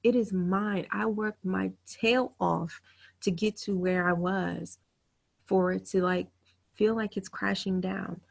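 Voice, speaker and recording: Speaking through a computer microphone, this webinar host, a woman in her thirties, recounts her personal story with earnest, candid emotion, dropping in quick quotes of her own words. Her pitch is medium, her delivery fairly even, her voice gravelly.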